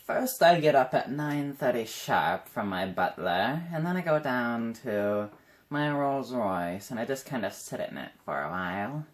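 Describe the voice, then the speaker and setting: Man parodying a slow-talking, bragging rich influencer. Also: medium pitch, animated, voice pushed up, lightly acted. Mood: smug boasting. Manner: slow, smug, boastful.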